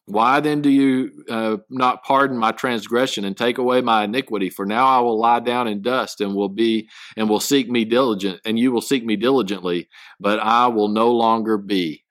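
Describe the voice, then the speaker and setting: A man teaching a Bible study, reading verses aloud and then explaining them in halting, casual speech full of restarts. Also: mid-range voice, fairly even intonation, a bit bright, no echo.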